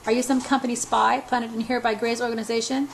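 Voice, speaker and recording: A woman's voice: on the high side, little pitch movement, fast, creaky, a little hiss or hum. Woman reading as a sneering, menacing male boss. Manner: sneering, contemptuous.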